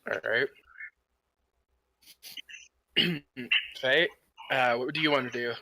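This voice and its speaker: A man narrating as game master, halting with many fillers. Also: medium pitch, bright, forceful tone, dry recording, rough recording.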